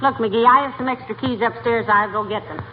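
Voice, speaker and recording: An actress playing a patient, sensible wife with a dry, teasing manner, in 1940s radio comedy acting. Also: female voice, on the high side, brisk, lightly acted. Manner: dry, teasing, calls him dearie. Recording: tinny hissy old broadcast, audience laughter.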